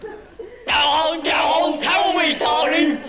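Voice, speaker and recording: A man's voice: on the high side, lively intonation, normal speed, over a noisy crowd, natural voice, poor audio. An actor playing a smug, stuttering computer-generated male talk show host who punns and brags, with a glitchy, repeating delivery. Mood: teasing. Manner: cheeky, punning, self-important.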